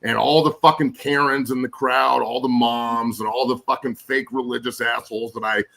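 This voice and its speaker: Gravelly, cursing man in his forties. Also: medium pitch, steady tone, normal speed, fairly bright tone, poor audio. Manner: angry, profane ranting. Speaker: guest, former pro football player. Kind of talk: casual chat on a podcast.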